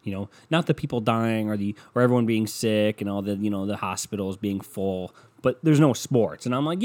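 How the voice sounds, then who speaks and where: A man's voice: lowish voice, a little fast, few pauses, darkish tone. A young man hosting a podcast alone, ranting casually with lots of swearing and sarcasm. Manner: profane, sarcastic, rambling. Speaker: podcast host. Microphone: podcast microphone.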